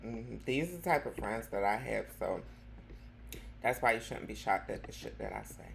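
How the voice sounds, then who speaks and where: A woman's voice: very deep voice, gravelly, a little hiss or hum. A woman hosting a live commentary show, sassy and full of slang, calling everyone honey. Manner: sassy, calls listeners honey, drawn-out slang. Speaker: host.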